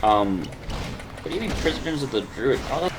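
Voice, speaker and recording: A man's voice: medium pitch, very animated, normal speed, background noise. A man giving casual, self-deprecating gameplay commentary, muttering and swearing as he plays. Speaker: gaming video host.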